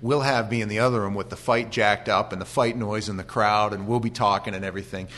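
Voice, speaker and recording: A male pastor giving an animated sermon with humorous stories and frequent restarts. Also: on the low side, quick pace.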